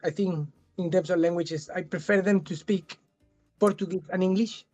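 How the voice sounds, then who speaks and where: A man's voice: high-pitched, steady tone, normal speed, a little mellow, lo-fi sound, soft background music. A man in his thirties from southern Spain with a thick Spanish accent, chatting as a guest in a casual interview, often restarting and repeating words.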